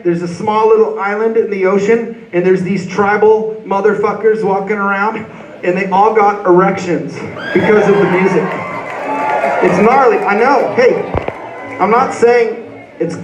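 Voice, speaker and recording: A man's voice: high-pitched, steady tone, normal speed, noisy background. A rock band frontman doing profane, rambling onstage banter between songs at a live concert. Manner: profane, rambling, joking storyteller. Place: large concert hall stage. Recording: echoey, distant audience recording.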